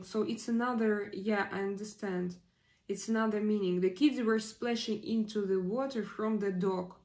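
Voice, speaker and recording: A woman's voice: medium pitch, fairly even intonation, moderate pace, a little mellow, rough recording. A woman in her forties with non-native English, chatting on a live stream and hesitantly repeating vocabulary words aloud. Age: 40s. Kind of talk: casual live-stream chat, practicing vocabulary.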